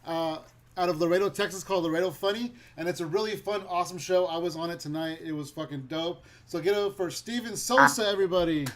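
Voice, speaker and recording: A man's voice: sits high, fast, fairly bright tone. A man hosting a comedy open mic, hyped and profane as he brings up the comics.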